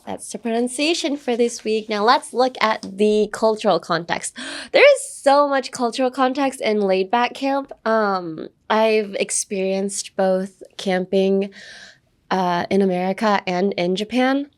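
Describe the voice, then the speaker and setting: A young woman hosts a relaxed podcast lesson on pronunciation. She talks in a playful, chatty way, and she keeps repeating example words to show how they are said. Her voice sits at an ordinary middle pitch. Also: a little slow. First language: English. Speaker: podcast host teaching English pronunciation.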